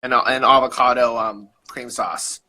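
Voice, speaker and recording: A man's voice: mid-range voice, fairly even intonation, normal speed, sharp tone, rough recording. A man hosting a casual live-stream chat over a video call, easygoing and chatty. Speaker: host.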